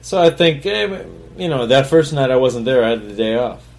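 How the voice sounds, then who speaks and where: A man's voice: medium pitch, expressive, normal speed. A man, a chef and podcast host, telling a story in a blunt, profane, boastful way and rambling with fillers and restarts. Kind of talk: casual solo storytelling.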